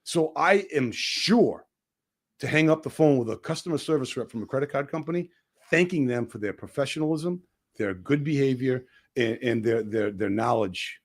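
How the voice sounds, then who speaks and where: A man's voice: medium pitch, normal speed. A man in his fifties, a guest on a casual podcast, telling personal stories with big swings in his voice. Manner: animated storytelling, voice rising and dropping sharply.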